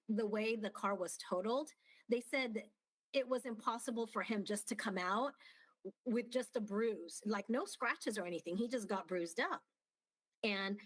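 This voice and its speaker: A woman's voice: mid-range voice, a bit bright, no echo, low-quality recording. A woman co-hosting a radio talk show, telling a family story in casual chat and acting out the dialogue. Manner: storytelling, acts out quoted dialogue.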